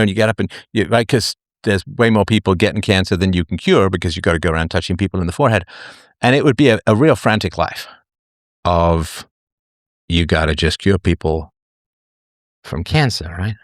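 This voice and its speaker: A man's voice: lowish voice, animated, a little fast, dry recording. A middle-aged man hosting a live talk show, musing aloud in a jokey way, full of fillers and restarts. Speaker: host.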